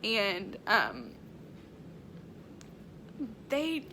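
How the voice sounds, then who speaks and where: A woman working as a medium, talking emotionally in a vlog, close to tears, halting with many restarts and fillers. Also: medium pitch, huge pitch swings, pushed and bright, a little hiss or hum.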